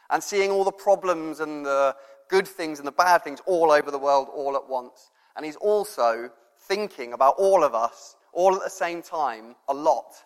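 A man's voice: a little high, smooth. A man giving an informal, chatty sermon as a preacher, rambling a little with fillers. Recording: long reverb of a hall.

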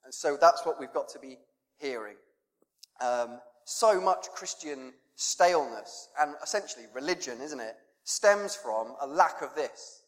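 A man's voice: mid-range voice, lively intonation, measured pace. A man preaching an informal sermon, conversational and self-deprecating, with lots of rhetorical questions. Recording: long hall reverb.

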